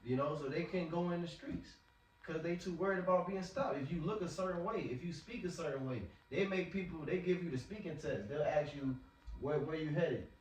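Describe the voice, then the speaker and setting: A man's voice: a little high, a little fast, a little mellow, a little hiss or hum. A man preaching in a casual, slangy way, often repeating words as he talks. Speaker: street preacher. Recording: echoey, from far off.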